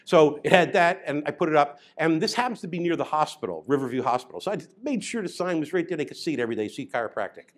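A middle-aged man, a chiropractor telling an animated story to an audience. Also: fairly high pitch, fast talker, few pauses. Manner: animated, grows loud and excited as the story builds. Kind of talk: storytelling talk.

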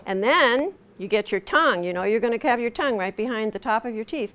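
A woman's voice: on the high side, expressive, fast talker, a bit bright. A middle-aged woman teaching pronunciation to a class, patiently demonstrating sounds and repeating them. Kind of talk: classroom instruction. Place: classroom with students.

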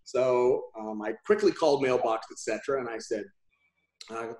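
A man in an interview telling stories, animated and acting out dialogue in different voices. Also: medium pitch, normal speed. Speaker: talent agent telling stories. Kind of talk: storytelling interview. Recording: roomy echo.

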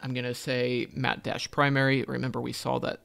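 A man's voice: medium pitch, completely flat delivery, a little fast, vocal fry, fairly bright tone, clear, resonant tone. A man teaching a coding tutorial, thinking aloud as he types, with frequent ums and self-corrections. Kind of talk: screen-recorded coding walkthrough.

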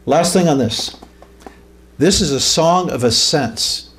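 A man's voice: fairly high pitch, slow, fairly bright tone, a little hiss or hum. A man preaching an informal teaching sermon, conversational, often rising to emphatic peaks and asking the room questions. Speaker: pastor.

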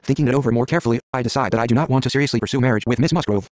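A man's voice: medium pitch, rapid-fire, a little mellow, slight background noise. A man reading an interactive story game aloud, stumbling, restarting, and muttering menu words between lines.

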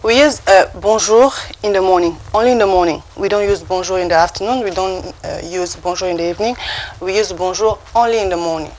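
A woman's voice: medium pitch, darkish tone, low-quality recording. Careful female teacher on TV. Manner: slow, careful pronunciation with frequent restarts. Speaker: French teacher on a TV segment. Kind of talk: language lesson.

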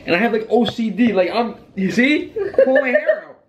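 A man's voice: very high voice, animated, moderate pace, lo-fi sound. Teasing man in a roomy home. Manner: teasing, stubborn, dry. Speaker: vlogger's boyfriend. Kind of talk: casual home banter. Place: home living room. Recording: roomy home camera audio.

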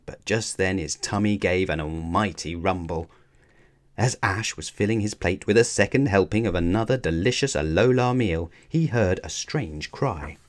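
A man narrating a children's storybook aloud in an expressive, measured way. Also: low voice. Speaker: storybook reader.

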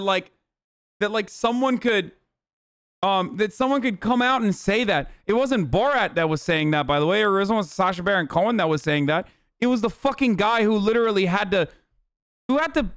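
A male streamer rants hotly and swears often while he answers his chat. His voice sits high and comes through smooth and crisp. The sound is dry and close, with no room echo. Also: a bit bright. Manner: heated, profane ranting; argues directly with chat. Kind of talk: live-stream reaction commentary.

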